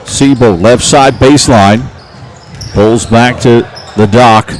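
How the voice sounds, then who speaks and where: A man calling local basketball play-by-play, getting excited and shouting on big plays. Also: mid-range voice, takes it slowly. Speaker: play-by-play announcer.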